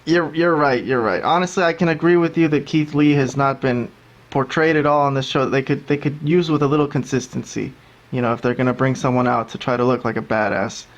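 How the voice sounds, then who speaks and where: A man's voice: mid-range voice, steady tone, a little fast, highs cut off. Chatty man ranting about wrestling. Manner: talkative, ranting, mimics commentators. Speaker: podcast host. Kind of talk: casual wrestling review chat.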